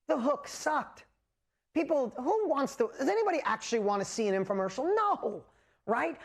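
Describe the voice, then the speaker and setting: A man who works as a business coach gives an animated motivational teaching talk, swinging between loud excitement and hushed asides. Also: very high voice.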